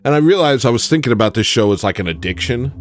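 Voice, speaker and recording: A man hosting a rambling comic livestream, swinging his pitch all over the place as he mocks himself. His sudden yells jump into a theatrical register, while faint music plays under him. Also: expressive, fast. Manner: self-mocking, theatrical, bursts into sudden yells. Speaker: livestream host. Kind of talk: rambling comedic livestream monologue.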